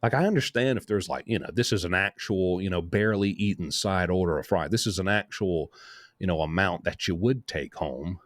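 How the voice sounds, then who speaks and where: A man's voice: sits low, brisk, no room sound, studio quality. A man hosting a casual show, telling a long, rambling story with many asides. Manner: rambling, lively anecdote full of asides. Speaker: host.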